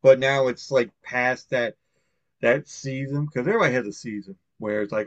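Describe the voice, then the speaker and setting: A podcast host from Long Island talks in loose, rambling casual chat, full of fillers, restarts and easy swearing. His voice sits at an average pitch for a man. The recording is dry and somewhat dull, with a lo-fi sound. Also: moderate pace, fairly bright tone, no echo. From Long Island, New York.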